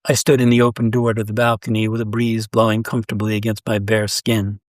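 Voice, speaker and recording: A man reading a first-person short story aloud in a measured, even storytelling voice. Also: on the low side, no room sound. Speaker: story reader. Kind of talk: scripted narration of a short story.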